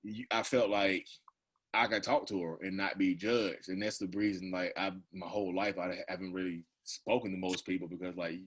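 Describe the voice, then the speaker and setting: A man in his thirties, appearing as a podcast guest, tells stories casually and rambles, peppering his speech with "like" and "you know" and laughing often. His voice sits low and is a bit bright and husky, with a steady tone and moderate pace.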